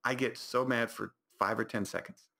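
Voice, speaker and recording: A young man hosting a podcast, telling a comedic story in a rambling, animated way and correcting himself often. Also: medium pitch, moderate pace, gravelly. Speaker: podcast host.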